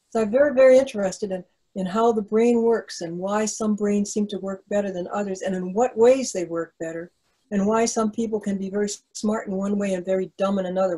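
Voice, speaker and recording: A woman's voice: medium pitch, dark tone, rough recording. Earnest older woman author on video call. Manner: earnest and reflective, with frequent restarts. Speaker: author interviewed. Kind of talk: conversational interview over video call.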